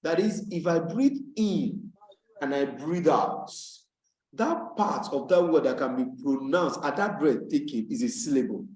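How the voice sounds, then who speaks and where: A man's voice: a little high, animated, measured pace, darkish tone. Patient male tutor, echoey video call. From Nigeria. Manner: patient, repeats key words for emphasis. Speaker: English tutor. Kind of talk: online lesson explanation.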